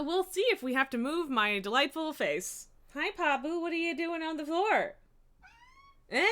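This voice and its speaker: A woman's voice: a little high, bright, forceful tone. A woman streaming from home, chatting casually and cooing baby talk at her cats. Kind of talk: casual live-stream chat. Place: home room.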